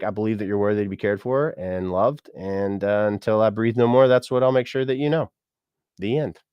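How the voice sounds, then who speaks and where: A man's voice: fairly low pitch, dry recording, studio quality. A man who works as a musician and mortician, chatting casually on a livestream and reading out viewer comments. He is upbeat and laughs often.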